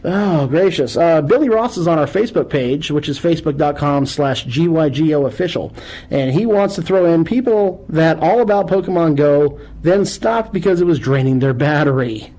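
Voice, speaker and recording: A man hosting a call-in radio show, chatting casually and animatedly with loud bursts of exclamation. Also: on the high side, moderate pace, poor audio.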